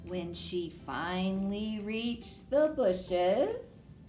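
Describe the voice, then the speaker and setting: A children's librarian reading a picture book aloud, slow and dramatic. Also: female voice, mid-range voice, animated, darkish tone, soft background music. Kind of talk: storybook read-aloud. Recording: roomy echo.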